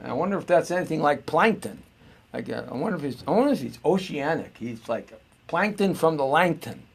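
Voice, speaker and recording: A man's voice: a little high, expressive, brisk, vocal fry, breathy edge. A middle-aged man hosting a live show, rambling and joking as he muses aloud to viewers. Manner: rambling and jokey, musing aloud.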